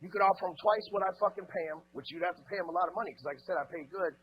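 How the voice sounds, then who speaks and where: A man's voice: high-pitched, very fast. A man in his forties giving a blunt, profane motivational speech on stage, telling stories with asides. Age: 40s. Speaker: keynote speaker. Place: conference room stage. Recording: muffled, faint hum.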